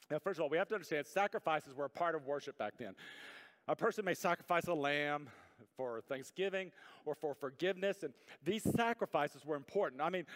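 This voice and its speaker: A man preaching a sermon as pastor, swinging between hushed, quiet passages and loud, emphatic ones, with folksy jokes to the congregation. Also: on the high side. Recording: reverberant hall.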